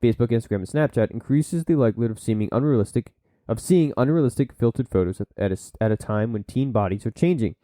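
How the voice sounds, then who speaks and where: Man, solo podcast host, very mellow dark tone, dry sound, reads notes and adds blunt asides. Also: mid-range voice, lively intonation, fast, no echo. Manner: reads sources aloud, then breaks off into blunt asides; slips into silly put-on voices. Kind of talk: solo podcast monologue, reading and commenting.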